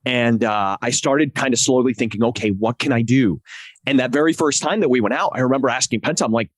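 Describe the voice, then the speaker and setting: A man as a podcast guest, telling an excited, emotional story and acting out what people said. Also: quick pace, no room sound. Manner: acts out quotes with big pitch jumps. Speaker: podcast guest, wrestling translator. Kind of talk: animated storytelling in conversation.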